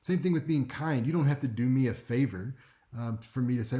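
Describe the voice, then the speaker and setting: A man teaching a speech class in a relaxed, conversational lecture, with wry asides and frequent check-ins with his listeners. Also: medium pitch, fairly quick. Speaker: speech instructor.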